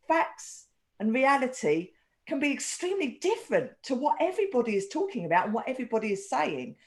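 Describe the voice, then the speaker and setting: Woman co-host, slightly high voice, loose rambling storyteller who acts out the voices. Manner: rambling, animated retelling with acted quotes. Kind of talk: casual chat, storytelling.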